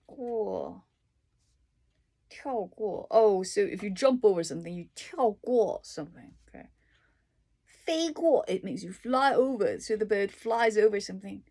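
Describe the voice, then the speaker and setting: A woman reading through dictionary entries and explaining each one with everyday examples, in an unhurried, casual way. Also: medium pitch, animated, creaky. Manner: unhurried, explaining words with examples, soft asides. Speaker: language tutor.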